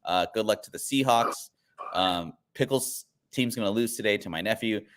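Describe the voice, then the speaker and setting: A man's voice: fairly low pitch, moderate pace, a bit bright. A man hosting a comic book show, chatting casually with lots of fillers and restarts. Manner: rambling, frequent filler words and restarts. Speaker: comic book channel host. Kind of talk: casual chat.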